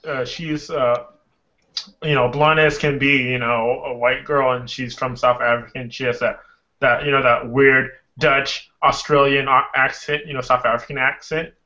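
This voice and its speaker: A man's voice: mid-range voice, flat delivery, moderate pace, sharp tone, dull audio. A man co-hosting a casual group talk show, rambling with lots of "like" fillers. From Washington State, US. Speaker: podcast co-host.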